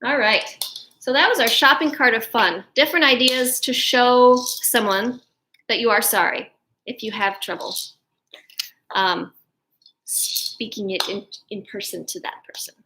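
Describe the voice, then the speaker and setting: A woman's voice: a little high, unhurried, pushed and bright, slight background noise, low-quality recording. A woman hosting a family show for children, cheerful and chatty as she shows their drawings. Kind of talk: presenting a kids' show.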